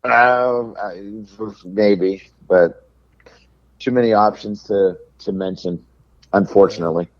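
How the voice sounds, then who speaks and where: A man guesting on a sports podcast over a remote call, giving brief, low-key replies. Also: takes it slowly, dry recording. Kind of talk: casual interview chat. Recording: dull, dry remote call audio.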